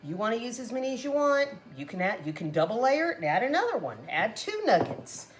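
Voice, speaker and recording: A woman's voice: fairly high pitch, big pitch swings, a little fast. A woman casually chatting to viewers while cooking at home, talking to them as "guys" and laughing often. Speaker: cooking vlogger. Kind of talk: casual cooking chat to camera.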